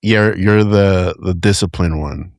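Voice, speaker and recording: A man's voice: low-pitched, unhurried, dry recording, studio quality. A man co-hosting a podcast in casual, rambling chat, often restarting and joking. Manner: rambling, self-correcting, jokey. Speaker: podcast co-host.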